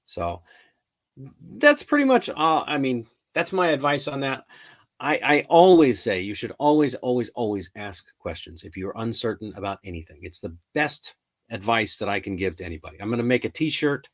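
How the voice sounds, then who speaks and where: A man's voice: mid-range voice, animated, moderate pace. A middle-aged man hosting a live English lesson, talking in a chatty, rambling way with frequent ums and restarts. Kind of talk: casual live-stream lesson.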